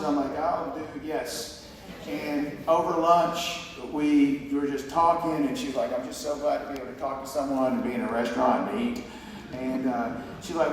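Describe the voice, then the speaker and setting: A man's voice: on the high side, fairly even intonation, moderate pace. A man with a slightly raised voice gives an emotional, meandering acceptance speech, retelling conversations as he goes. His voice reaches the recording from a distance, with a long reverberant hall tail and faint room noise behind it. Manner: rambling, heartfelt, with restarts and quoted dialogue. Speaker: award honoree giving a speech. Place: large hall on stage. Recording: echoey hall recorded from far off.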